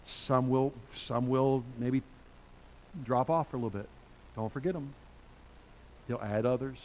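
A man preaches to his congregation in a conversational, emphatic way, breaking into loud bursts. His voice sits in a middle pitch. A faint hiss runs under the recording. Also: fairly even intonation, a little slow, poor audio. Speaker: pastor. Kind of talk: sermon.

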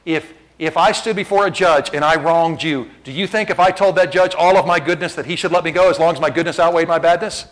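A man preaching from the pulpit with a voice pitched a bit higher than most men's. He moves between relaxed asides to his congregation and loud, emphatic declarations that climb in pitch. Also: fast talker, hardly any pauses, poor audio. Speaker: pastor. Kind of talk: sermon.

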